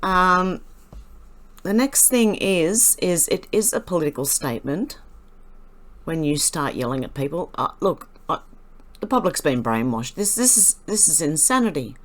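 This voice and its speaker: Lively, wry woman host. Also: sits low, measured pace. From Australia. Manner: chatty, wry and condescending. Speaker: commentary channel host. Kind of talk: reaction commentary.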